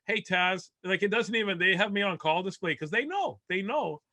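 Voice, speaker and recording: A man's voice: high voice, lively intonation, moderate pace, sharp tone. A male comedian from Winnipeg doing a rambling, self-deprecating stand-up set over a video call, full of restarts. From Winnipeg, Canada.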